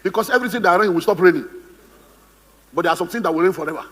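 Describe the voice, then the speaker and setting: On stage in a conference hall, this man delivers a comic, dramatic seminar with a Nigerian English accent, performing the voices of those he quotes. He speaks very fast in a high, slightly bright voice, and a long reverb tail follows his words.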